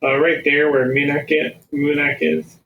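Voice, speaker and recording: A man's voice: on the high side, flat delivery, normal speed, vocal fry, phone-quality sound, a little hiss or hum. A man playing a tabletop game, hesitantly asking questions while he plans his moves. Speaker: player.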